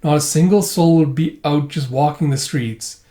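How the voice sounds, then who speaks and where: A man's voice: on the high side, moderate pace, warm tone, lightly acted. A man doing a doddering, forgetful old man. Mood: musing. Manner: doddering, mumbling.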